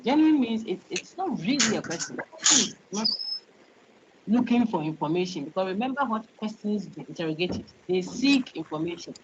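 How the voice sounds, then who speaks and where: A woman's voice: mid-range voice, background noise. A woman with a Ghanaian accent lecturing to a large online class. She repeats words and checks "okay?" as she explains. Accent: Ghanaian English. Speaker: university lecturer. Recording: dull lo-fi online call audio.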